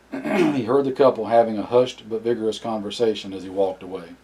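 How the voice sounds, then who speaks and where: A man reading a novel aloud as narrator, often clearing his throat. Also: fairly low pitch, fairly quick, darkish tone, low-quality recording. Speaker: audiobook narrator.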